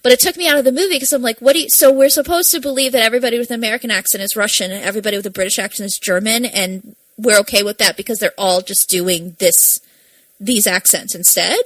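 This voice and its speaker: Young woman podcast co-host, bright, chatty, swears freely, dry close sound. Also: medium pitch, quick pace, no echo, poor audio. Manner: chatty, laughs often, swears casually. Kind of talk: casual chat.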